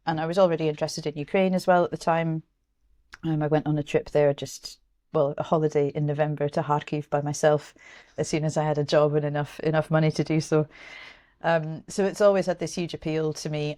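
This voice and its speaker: A low-pitched woman in her thirties from Scotland, chatting frankly as an interview guest. She talks in an animated, blunt way with the odd swear word and plenty of restarts. The recording is close and dry, with no room sound. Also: no room sound. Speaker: journalist and author guest. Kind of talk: casual interview chat.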